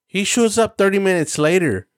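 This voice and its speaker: Sitting high in pitch at a moderate pace, this man co-hosts a podcast and spins a lengthy workplace-type story during casual chat. He swears, stays animated, and pushes his voice up when quoting others, all captured in a close, dry recording.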